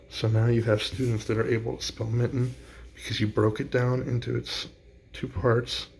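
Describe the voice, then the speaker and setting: A man's voice: medium pitch, flat delivery, moderate pace, creaky, few pauses, a little mellow, a little hiss or hum. A man explaining a classroom teaching strategy in a plain, practical way. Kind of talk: instructional explainer.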